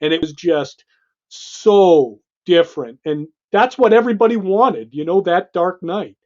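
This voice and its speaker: A man co-hosting a podcast, chatting with quick, enthusiastic asides. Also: high voice, animated, a little mellow. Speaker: podcast co-host. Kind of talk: casual chat. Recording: dull lo-fi sound.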